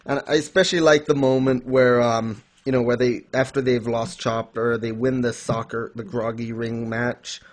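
A man talking at a mid pitch in an easy, rambling way, stopping to chuckle and hunt for words as he retells favorite moments. His tone sits right in the middle of the range. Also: little pitch movement, moderate pace, hardly any pauses. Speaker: podcast co-host. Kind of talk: casual chat.

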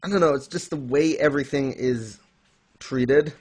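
Male podcast co-host, mid-pitched, rambling with fillers and chuckles. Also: normal speed, darkish tone. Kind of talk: casual chat.

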